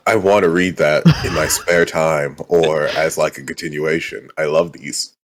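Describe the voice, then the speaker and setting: A man's voice: extremely low pitch, fairly even intonation, moderate pace, no echo. A man on a podcast tossing in playful, joking remarks. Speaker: podcast co-host.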